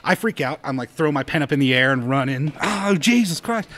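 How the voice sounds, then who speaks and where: Casual male podcast storyteller from Colorado, lively and full of fillers, voice in a middle range. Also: mid-range voice. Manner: animated, chatty, with quick laughs and many "like"s. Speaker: podcast co-host.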